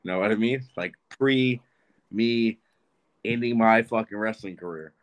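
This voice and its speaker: A man's voice: on the low side, measured pace. A man in his twenties, a podcast guest, telling a rambling, profane story in casual chat. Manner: rambling and profane, with frequent restarts.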